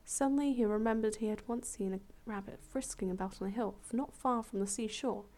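A woman reading a fable aloud as a storyteller, relaxed and chatty, with casual asides and self-corrections. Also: on the high side, a little fast.

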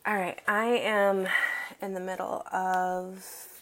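A woman's voice: mid-range voice, little pitch movement, slow, a bit bright. A young adult woman from Boston with a Boston accent, talking in a chatty, wry way with many ums and light laughs as she records a casual accent-challenge vlog. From Boston, Massachusetts.

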